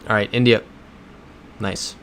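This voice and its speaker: A man hosting a casual livestream who reads viewer comments aloud and reacts to them in a laid-back way, with soft chuckles. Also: on the low side, level tone, a little slow, slight background noise. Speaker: livestream host. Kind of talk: casual livestream chat while playing a geography game.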